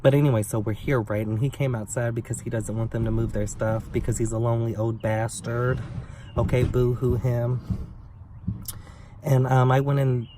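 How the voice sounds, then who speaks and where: A young man telling a story on his vlog in a blunt, sassy, profane way, with big swings in pitch. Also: level tone, moderate pace. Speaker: vlogger. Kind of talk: casual storytime rant. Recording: somewhat distant mic with faint background noise.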